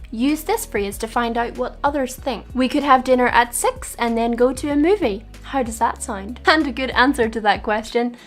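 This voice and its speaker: A woman with a slightly high voice teaches English phrases in a clear, patient way. She acts out the example dialogues herself, and soft music plays underneath. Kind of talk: scripted lesson narration. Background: soft background music.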